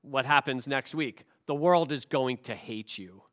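A male pastor preaching a sermon. He asks rhetorical questions and swings between hushed, slow lines and loud, emphatic ones. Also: medium pitch.

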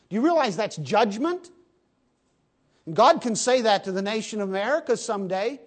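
A man preaching a sermon, swinging between hushed lines and loud, emphatic bursts. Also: high-pitched, very animated, normal speed.

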